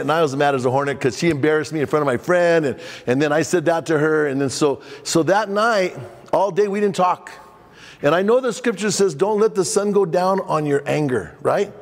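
Storytelling pastor in a reverberant hall. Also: male voice, fairly high pitch. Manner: animated storytelling, acting out dialogue. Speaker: workshop speaker, pastor. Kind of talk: conference talk with personal stories. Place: large hall before a men's conference crowd.

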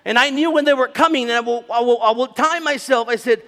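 High-voiced man preaching in an echoing hall. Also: fast. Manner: animated, joking, bursts into shouts. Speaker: conference speaker, Bible teacher. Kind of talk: storytelling sermon. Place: large conference hall. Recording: reverberant hall with long echo.

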